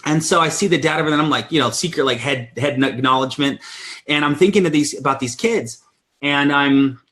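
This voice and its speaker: Man in his thirties, sales call host, energetic storyteller, animated pitch swings, casual live-stream talk. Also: a little fast.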